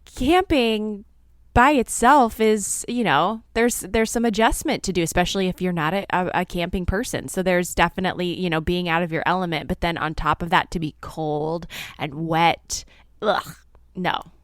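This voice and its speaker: A woman co-hosting a podcast in casual chat, listening sympathetically and reacting softly. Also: lowish voice, fairly even intonation, normal speed, no echo, clean studio sound. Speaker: podcast co-host.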